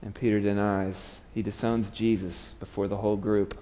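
A pastor preaches a sermon, telling the story dramatically and raising his voice to act out what the people in it say. His voice is fairly low and warm, with a flat delivery at normal speed, and it sounds like a big room.

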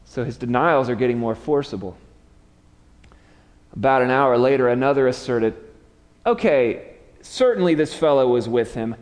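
Telling his sermon's story with drama, this preacher raises his voice to play the characters' lines. He has a mid-range, darkish voice with lively intonation and a normal pace, trailed by long reverb.

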